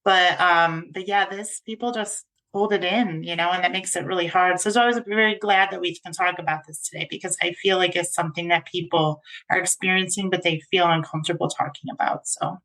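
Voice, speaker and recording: Earnest woman co-host with a bright tone. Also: fairly low pitch, steady tone. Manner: earnest, halting, many restarts. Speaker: podcast co-host. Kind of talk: casual podcast conversation.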